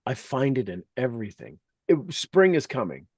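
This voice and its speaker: A man's voice: mid-range voice, very animated, normal speed, a little mellow, dry recording, clean studio sound. A middle-aged man telling rambling, enthusiastic stories as the host of a spoken meditation. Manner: earnest, enthusiastic, rambling storytelling.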